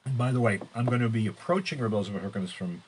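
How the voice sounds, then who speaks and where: A middle-aged man living in Israel, teaching a weekly Torah class in an unscripted, halting way, with many restarts and fillers and sudden emphatic rises. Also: lowish voice, a little hiss or hum.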